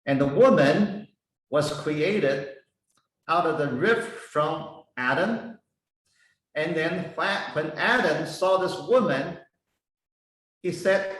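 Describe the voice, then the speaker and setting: A man teaching a Bible lesson, slowly spelling out Hebrew words and their meanings one by one. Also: a little high, lively intonation, fairly bright tone. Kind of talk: slow explanatory lesson. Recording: echoey room, voice heard from a distance.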